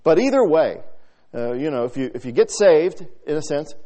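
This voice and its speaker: A man preaching a sermon, reading scripture aloud and swinging from soft talk to loud, emphatic delivery. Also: on the high side, big pitch swings, normal speed.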